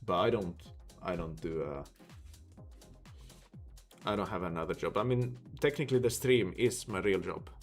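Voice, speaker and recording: A Swedish man with a Swedish accent chats casually on a live stream in a low voice, at a moderate pace with long pauses. Soft music plays in the background as he rambles, thinking aloud and using lots of fillers.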